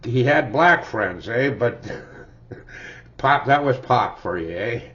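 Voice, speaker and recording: A man's voice: medium pitch, animated, slow pace, fairly bright tone. An older man, chatting casually and chuckling as he rambles through the records he loves, tagging his sentences with "eh?". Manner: rambling, chuckling, tags lines with "eh?". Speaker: music collector vlogger. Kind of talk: casual reminiscing about records. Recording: dull lo-fi home recording.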